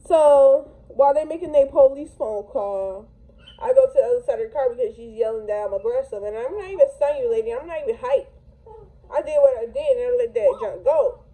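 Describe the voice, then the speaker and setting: A young woman vlogger telling a storytime in an animated, slangy, casual way. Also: high voice, low-quality recording. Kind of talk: storytime vlog.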